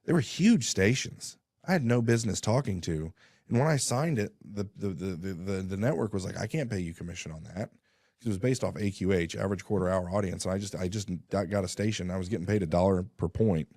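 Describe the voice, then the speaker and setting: A man's voice: low-pitched, a little fast, a little mellow, dry recording, studio quality. A man, a radio guest, telling a story in casual talk and acting out both sides of phone calls.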